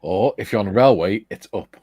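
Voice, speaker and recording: A man with a lowish, warm voice carrying a breathy edge talks a little fast and with plenty of animation, recorded dry. He's hosting a casual model-building chat, spinning a rambling anecdote full of restarts and laughing often as he tells it.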